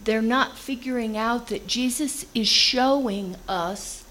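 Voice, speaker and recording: A woman's voice: fairly high pitch, slow, fairly bright tone, low-quality recording. A woman preaching a conversational sermon, reading scripture and explaining it in plain everyday language.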